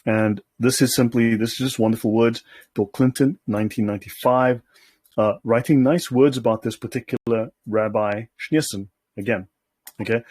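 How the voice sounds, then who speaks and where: A male host reads documents aloud and comments on them casually and sardonically, constantly checking in with "okay?". His husky, a little breathy voice is medium-pitched, steady, a little mellow and at normal speed. The sound is dry and close, with no room or echo.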